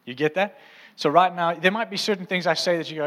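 A man delivers a sermon from a church stage, passionate and lightly teasing with his listeners. His voice sits a bit high for a man. The sound carries a long, echoing hall reverb. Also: steady tone, quick pace, a bit bright. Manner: fervent, playful and teasing with the congregation. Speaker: preacher. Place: church auditorium.

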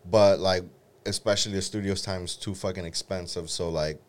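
A man in casual chat, swearing often and acting out loud rants as he tells stories. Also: low-pitched, brisk. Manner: profane, animated storytelling with loud acted-out rants.

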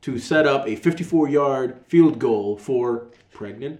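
A man co-hosting a podcast, telling a dramatic sports story and bursting into shouts. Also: medium pitch, a little slow. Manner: dramatic, excitable, prone to shouting. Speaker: podcast co-host. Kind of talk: animated sports storytelling chat. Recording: roomy echo.

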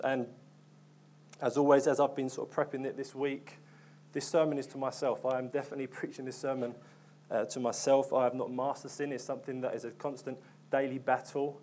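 A man's voice: mid-range voice, darkish tone. A young man preaching a sermon in an earnest, conversational way, with frequent ums and restarts.

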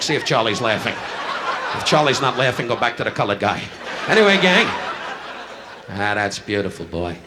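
A man doing insulting stand-up crowd work on a nightclub stage, firing barbs at audience members. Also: mid-range voice. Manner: insulting, rapid-fire banter with the audience. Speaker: stand-up comedian. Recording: noisy 1960s live album recording.

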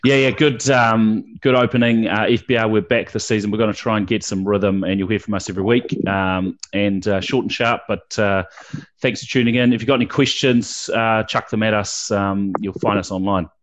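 Casting: New male podcast host, lowish, relaxed banter. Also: normal speed. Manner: swears freely, laid-back banter. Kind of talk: casual sports chat.

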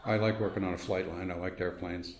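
An older Brooklyn man with a deep voice speaks briskly and fairly evenly in an echoey room. In this oral history interview he recalls his youth, telling stories, acting out the voices of the people in them, and chuckling.

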